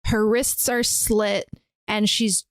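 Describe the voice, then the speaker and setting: A woman's voice: mid-range voice, takes it slowly, dry recording, studio quality. A woman co-hosting a podcast, recapping a film in casual chat and acting out lines from scenes. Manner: animated storytelling, acts out quotes. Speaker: podcast co-host.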